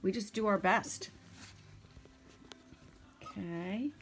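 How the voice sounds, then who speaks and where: A middle-aged woman with a low voice talks through a casual vlog about her puppies. Her talk rambles with fillers and restarts, and she slips into cooing baby talk for the dogs. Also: moderate pace. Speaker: dog breeder. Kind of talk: casual vlog narration to camera.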